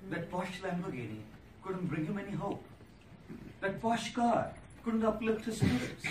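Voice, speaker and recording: A man, a monk giving an inspirational public speech, telling stories and listing words with pauses for effect. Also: sits high, lively intonation. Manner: storytelling, rhetorical, lists words with pauses. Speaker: monk giving a motivational talk. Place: large hall before an audience. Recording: echoey hall, distant mic, noisy.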